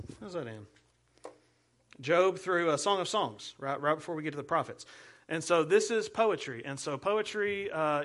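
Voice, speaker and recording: A man's voice: a little high, bright, forceful tone. A man, a pastor giving a playful teaching sermon, walking listeners through memory cues. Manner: playful, explains with hand gestures and repeated cues.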